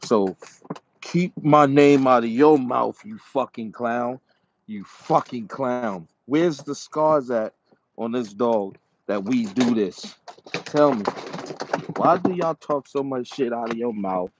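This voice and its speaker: A man delivers an angry rant straight to the camera, dragging his words out slowly and repeating the same taunts over and over. The recording is muffled and lo-fi, with a faint background hiss. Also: mid-range voice, lively intonation. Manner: repetitive, insulting, slow and taunting. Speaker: dog breeder and channel owner. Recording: dull lo-fi sound with faint noise.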